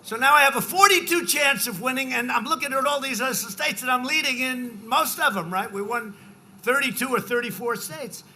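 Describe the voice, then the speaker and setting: A man in his seventies giving a rambling, off-the-cuff campaign rally speech, full of repetitive asides to the crowd and shouted emphasis. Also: extremely high pitch, fairly quick. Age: 70s. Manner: swings into shouted emphasis on numbers. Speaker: politician addressing a rally. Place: large political rally.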